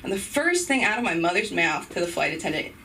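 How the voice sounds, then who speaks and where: A young woman doing a rambling stand-up set on a club stage, breaking off into loud impressions. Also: fairly low pitch, big pitch swings, fast talker, distant mic, a little hiss or hum, low-quality recording. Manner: rambling, self-interrupting, bursts into shouted impressions. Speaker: stand-up comedian.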